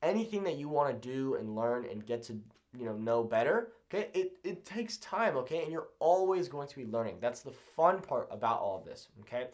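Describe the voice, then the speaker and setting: Young guy from socal teaching casually to camera, upbeat, bouncy lively pitch, keeps saying okay. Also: brisk. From Southern California. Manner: upbeat, ends points with "okay?". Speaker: language learning YouTuber.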